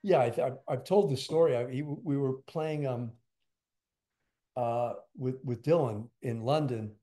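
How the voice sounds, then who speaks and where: An older man, a drummer, telling stories as an interview guest in a rambling, animated way with lots of fillers. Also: medium pitch, unhurried. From United States. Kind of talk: storytelling interview.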